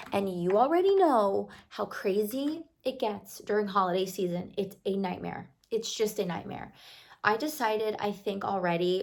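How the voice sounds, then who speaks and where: A young woman who is losing her voice, chatting to her viewers in a gushing, friendly vlog. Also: mid-range voice. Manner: warm, gushing, talks to viewers like a close friend. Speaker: lifestyle vlogger. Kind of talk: chatty talking-to-camera vlog.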